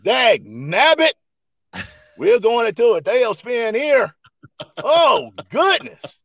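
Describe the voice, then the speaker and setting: A man's voice: extremely high pitch, sing-song, very fast, creaky, fairly bright tone, husky, no echo, lo-fi sound, voice pushed up, exaggerated voice. A man voicing a folksy rural hillbilly man, drawling and exclaiming.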